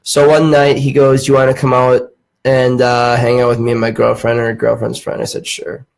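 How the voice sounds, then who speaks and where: A man's voice: medium pitch, monotone, moderate pace, gravelly, low-quality recording. A man hosting a casual podcast, telling a long story as a profane rant. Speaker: podcast host. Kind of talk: casual chat.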